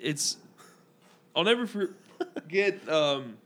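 A man's voice: on the high side, sing-song, very slow, fairly bright tone. A young man co-hosting a podcast, rambling through casual stories and acting out what other people said. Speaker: podcast co-host. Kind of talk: casual storytelling chat.

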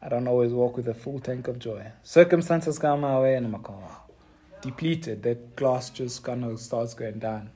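A man preaching a sermon, earnest and halting, with many restarts and fillers. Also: medium pitch, steady tone, mellow.

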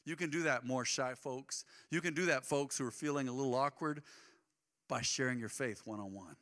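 Man, pastor, sermon, bright ringing voice, church hall reverb, emphatic then hushed. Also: mid-range voice, moderate pace. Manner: impassioned, swinging between loud emphatic lines and quiet asides. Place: church sanctuary.

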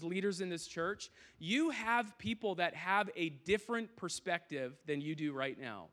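High-voiced man preaching earnestly. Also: fairly bright tone. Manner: earnest, conversational preaching with many restarts and asides. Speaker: youth pastor. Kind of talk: sermon. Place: large tent used as an auditorium.

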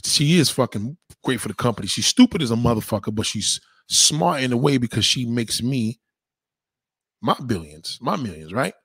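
A man's voice: medium pitch, animated, moderate pace, a bit bright, husky, no room sound. A man voicing a smug, scheming male boss in a mocking, scoffing tone while telling a story.

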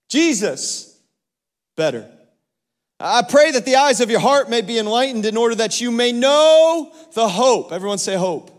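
A male pastor preaching a sermon and calling on the congregation for responses, with emphatic repeats. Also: high voice. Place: church sanctuary. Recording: long church hall reverb.

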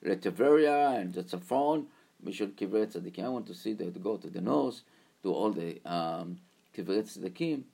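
A man voicing a calm young American religious student in a story he tells. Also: low voice, normal speed, creaky, husky, heavily acted. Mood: earnest.

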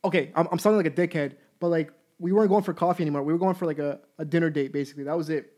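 A man in his twenties telling a story in a casual, candid and profane way, animated as he goes. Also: on the high side, racing. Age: 20s.

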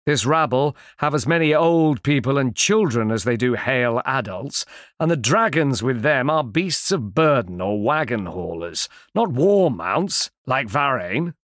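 A man's voice: mid-range voice, expressive, a little slow, a bit bright, no echo, clean studio sound. A man voicing a proud, stern male noble who rides a dragon, speaking formally and commandingly in an audiobook. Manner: commanding, formal, speaks of himself in third person. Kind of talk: audiobook character voice.

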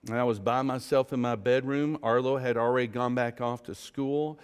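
A man's voice: medium pitch, fairly even intonation, normal speed, smooth, big-room sound. A man preaching, telling an emotional story of his own conversion and acting out the dialogue. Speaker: pastor. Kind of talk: sermon testimony.

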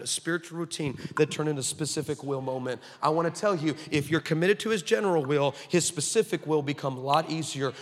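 High-voiced man preaching in a reverberant hall. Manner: animated storytelling with humorous asides. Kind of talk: sermon.

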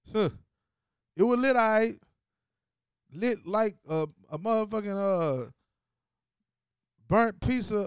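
A man hosting a sports show in a casual, profane, trash-talking rant, dropping low to read off numbers and jumping loud when he gets excited. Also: smooth, no room sound, clean studio sound. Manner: profane, trash-talking, repeats phrases for emphasis; swings between low stat-reading and loud excited outbursts. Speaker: sports podcast host.

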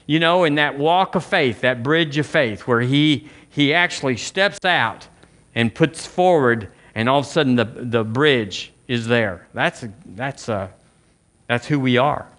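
A man's voice: medium pitch, unhurried, fairly bright tone. Man preaching, chatty and repetitive. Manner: conversational preaching with repetitions and questions to the congregation. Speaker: pastor. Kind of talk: sermon.

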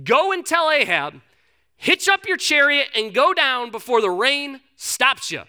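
A man's voice: very high-pitched, sing-song, unhurried, sharp tone, pitched above the performer's own voice, heavily acted. A man voicing a determined, confident male prophet who insists and brushes off doubt.

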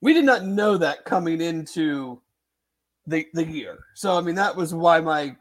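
This man's voice sits on the high side, expressive and a little slow. As a sports podcast co-host in casual sports chat, he hedges and rambles while thinking aloud, full of fillers and false starts.

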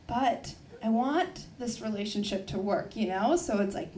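A woman's voice: a little high, moderate pace, hardly any pauses, darkish tone, roomy sound, distant mic, a little hiss or hum. A woman doing a stand-up set on a club stage, brash and profane, laughing at her own jokes. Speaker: stand-up comedian.

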